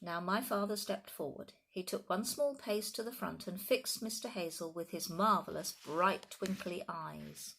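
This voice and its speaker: A woman narrating a children's book in an expressive, lively way. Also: fairly low pitch, measured pace, creaky, few pauses, slight background noise. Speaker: audiobook narrator. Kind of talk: storybook narration.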